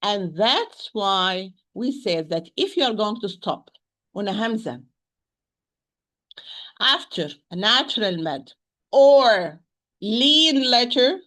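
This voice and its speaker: A woman teaching a recitation lesson, speaking haltingly, often repeating words and modelling pronunciations aloud to make her points. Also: mid-range voice, animated, a bit bright. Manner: stresses rules with emphatic repetition.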